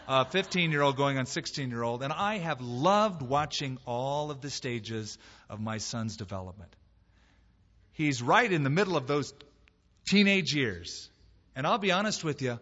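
A man's voice: mid-range voice, highs cut off. Emphatic male preacher in an echoey hall. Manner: conversational preaching, animated and emphatic, acts out quoted voices. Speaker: pastor. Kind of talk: sermon. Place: church sanctuary.

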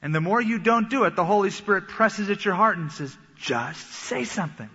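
Animated preacher in an echoing hall. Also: male voice, high voice, a little fast, slightly rough. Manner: animated, acts out quoted voices. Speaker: pastor. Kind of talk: sermon. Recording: echoey hall, dull sound.

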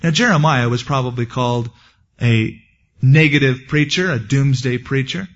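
Folksy pastor, lo-fi sermon. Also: male voice, medium pitch, normal speed. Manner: conversational, folksy asides. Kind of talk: expository sermon. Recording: dull lo-fi recording.

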